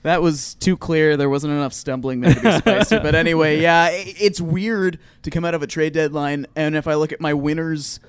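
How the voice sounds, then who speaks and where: A man's voice: fairly high pitch, steady tone, normal speed, hardly any pauses, clean tone, no echo. A man co-hosting a casual sports podcast, thinking aloud with hedges and wry remarks. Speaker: podcast co-host.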